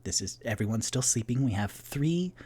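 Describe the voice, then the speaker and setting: Man as a patient, hesitant innkeeper; soft, stammering, lively lilt. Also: mid-range voice, normal speed, lightly acted. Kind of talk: solo tabletop role-play voicing.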